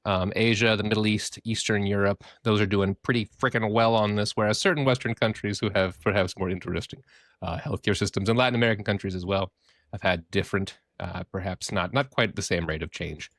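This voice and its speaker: A man's voice: lowish voice, brisk, a bit bright, no room sound, studio quality. A man co-hosting a podcast in casual chat, talking in a playful, jokey way. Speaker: podcast co-host.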